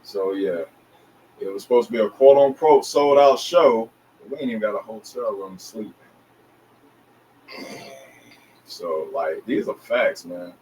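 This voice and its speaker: Animated storytelling man, distant mic. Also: lowish voice, measured pace, long pauses. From Atlanta area. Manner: animated, slangy storyteller who acts out others' voices. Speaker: interview guest, DJ and recording artist. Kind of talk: casual storytelling in a podcast interview. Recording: distant mic with faint background noise.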